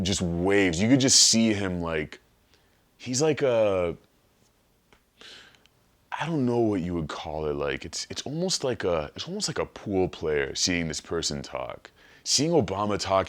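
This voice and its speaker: A man on a podcast, telling an animated, rambling, profane story in casual chat. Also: low voice. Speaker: podcast guest.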